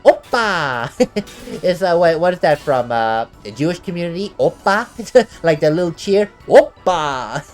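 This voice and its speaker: A woman hosting a let's play gives casual commentary on the game she's playing, her voice on the low side and darkish, with lively intonation at normal speed. She's chatty, laughs often and pokes fun at herself, with faint game music in the background.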